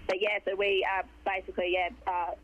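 Hoarse Australian woman on a phone line. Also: mid-range voice, level tone, fairly quick. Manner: chatty, rambling with fillers. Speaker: footballer guest. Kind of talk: phone interview.

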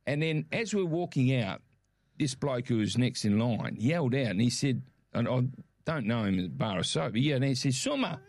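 A man's voice: medium pitch, normal speed, no room sound, studio quality. Chatty Australian man telling stories. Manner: animated, acts out quoted voices. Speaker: podcast co-host. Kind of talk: casual storytelling chat.

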